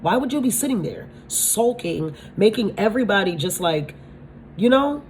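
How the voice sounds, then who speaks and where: A female tarot reader gives a blunt spiritual reading, swearing freely and often asking her listeners whether they understand. Her mid-range voice has lively intonation, normal speed and a slightly mellow quality. There is slight background noise.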